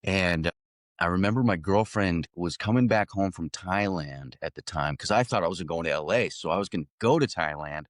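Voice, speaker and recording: Low-voiced man telling an animated story. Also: moderate pace, no room sound, clean studio sound. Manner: animated, laughs often, many restarts. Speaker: actor guest. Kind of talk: casual storytelling.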